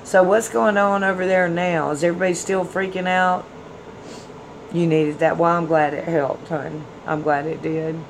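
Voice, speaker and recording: A woman's voice: on the low side, fairly even intonation, normal speed, creaky, slight background noise, poor audio. Chatty woman livestreaming. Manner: chatty, folksy, addresses viewers as y'all and hon. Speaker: tarot livestream host. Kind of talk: casual livestream chat reading comments.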